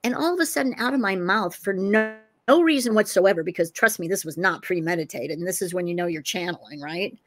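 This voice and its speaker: A woman's voice: fairly low pitch, a little fast, few pauses. A woman in her sixties from Iowa, a talk-show guest who tells her story animatedly, acting out dialogue and laughing often. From Iowa, USA. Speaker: guest, author and crime investigator.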